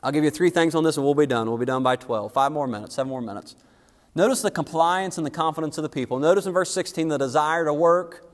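A pastor preaches in a fairly high voice, emphatic and folksy. His delivery climbs and drops as he drives each point home. A long church reverb hangs after his words. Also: fast. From United States. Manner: emphatic preaching that rises and falls, with folksy asides. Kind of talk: sermon. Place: church sanctuary.

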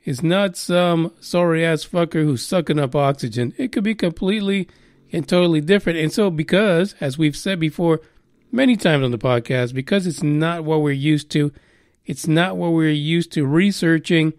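A man's voice: a little high, normal speed, a little mellow, no room sound, studio quality. Profane, rambling male podcast host. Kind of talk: casual news chat.

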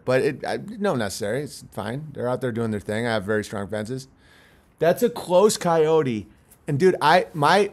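A man's voice: mid-range voice, a bit bright. A man talks into his phone outdoors on a farm at night. He rambles and swears, cracks jokes, laughs often, and acts spooked in jest, all in his plain everyday voice. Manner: profane, joking, mock-spooked, laughs often. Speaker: livestream host. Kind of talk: casual rambling livestream talk.

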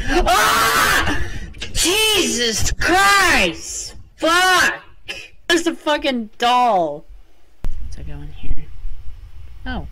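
A woman's voice: high voice, background noise. A woman gamer commentating her horror game run, panicking, screaming and swearing a lot. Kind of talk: let's play commentary. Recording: game music playing loudly behind.

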